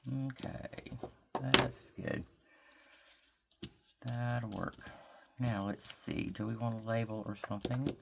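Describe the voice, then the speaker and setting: A woman's voice: rumbling low, fairly even intonation, gravelly, noisy background. A woman from Mississippi with a Southern drawl, chatting and thinking aloud as she works on a craft project at her desk. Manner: chatty, thinking aloud while working, drawn-out words. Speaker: craft vlogger. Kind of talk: casual crafting chat to camera.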